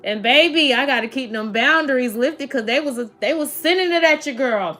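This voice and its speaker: Woman tarot reader, chatty livestream talk, slightly high voice, faint music behind. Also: lively intonation, moderate pace, pushed and bright. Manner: chatty, laughs often, addresses viewers as y'all. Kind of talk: casual livestream chat.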